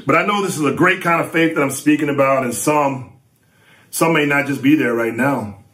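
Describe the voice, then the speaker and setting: A middle-aged man preaching a sermon, emphatic and lively, with sudden rises for stress. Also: fairly high pitch, normal speed.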